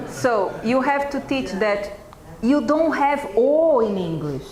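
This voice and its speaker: A woman with a Brazilian Portuguese accent, a native Portuguese speaker, presents to a room of teachers at an unhurried pace. Her voice sits a little high, and she ends almost every point with a checking "okay?". The sound is echoey, with faint noise behind it. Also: big pitch swings, a crowd in the background. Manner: keeps checking in with "okay?" after each point. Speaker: teacher trainer presenting a workshop. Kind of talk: live workshop talk to teachers. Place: event room with an audience.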